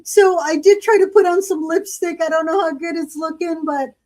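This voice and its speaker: A woman chats casually as a podcast co-host, spinning long stories full of fillers. Her voice sits high. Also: steady tone, normal speed, a little mellow, low-quality recording. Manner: chatty storyteller, lots of fillers. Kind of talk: casual chat.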